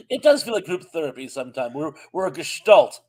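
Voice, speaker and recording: A man's voice: fairly high pitch, a bit bright, slight background noise. A man with a Southern US accent co-hosting a live stream, reading out chat greetings in a friendly, chatty way.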